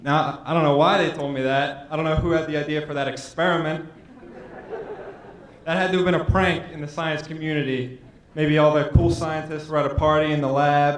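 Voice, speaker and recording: A man doing a stand-up comedy set with dry, matter-of-fact storytelling. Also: on the high side. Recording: echoey hall from far off.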